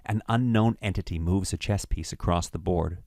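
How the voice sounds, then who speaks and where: A man narrating a screenplay's stage directions in a measured, matter-of-fact way. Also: low-pitched, a little mellow, no room sound, studio quality.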